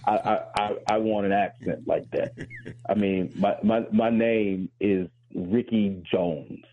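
A man's voice: lowish voice, steady tone, slight background noise. A man hosting a radio talk show, speaking earnestly and reflectively as a historian, with frequent restarts. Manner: earnest and reflective, with repeated words and quick laughs. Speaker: host and historian. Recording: tinny phone-like broadcast.

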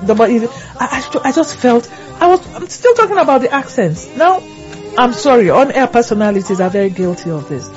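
Animated middle-aged woman, lively pitch. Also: fairly quick. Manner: animated, mimics voices and laughs often. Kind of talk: casual chat. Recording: dull lo-fi sound, faint music.

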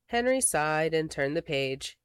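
A woman reading a children's picture book aloud, expressive and slowing for dramatic words. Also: low voice, clear, resonant tone, no room sound. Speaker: storybook reader.

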